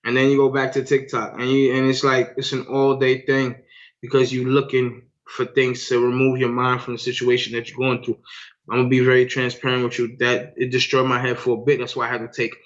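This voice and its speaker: A man's voice: medium pitch, monotone, brisk. A man co-hosting a podcast in casual chat, slangy. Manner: slangy, calls listener "son" and "B". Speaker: podcast co-host. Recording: dull lo-fi sound.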